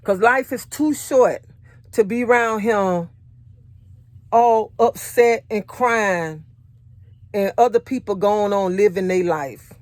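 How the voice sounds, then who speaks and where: A woman's voice: medium pitch, slow pace, no room sound. A married woman giving a motivational faith talk, repeating her points earnestly and sharing her own testimony in casual speech. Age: adult, married. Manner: repetitive, earnest, conversational preaching; personal testimony in casual vernacular. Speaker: faith encourager.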